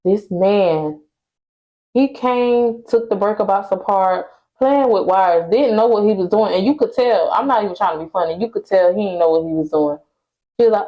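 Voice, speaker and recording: A woman's voice: medium pitch, moderate pace. A young woman, venting to her viewers in a casual storytime about her home. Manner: exasperated, venting, talks straight to viewers. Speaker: vlogger. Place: at home indoors. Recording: muffled lo-fi phone audio.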